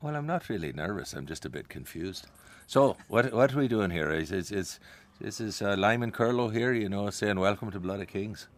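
Wry joking man with a lively voice. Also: on the low side. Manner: joking, wry, quick asides, theatrical bursts. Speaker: guest voice actor. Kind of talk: casual banter.

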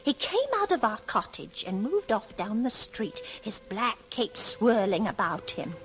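A woman's voice: medium pitch, big pitch swings, a little slow, soft background music, low-quality recording. An actress playing a timid, eager-to-please landlady who stammers in flustered deference, in an old-time radio drama.

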